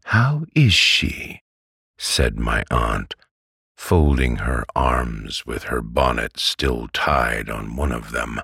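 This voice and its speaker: A man reading a classic novel aloud as a calm, unhurried bedtime story. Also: a bass voice, gravelly, slightly rough, no echo, clean studio sound. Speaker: audiobook reader.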